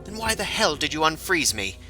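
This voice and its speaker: A man's voice: fairly high pitch, sing-song, brisk, music in the background, voice pushed up. A man voicing a haughty male elf wizard who is arrogant, scornful and pompous. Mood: indignant.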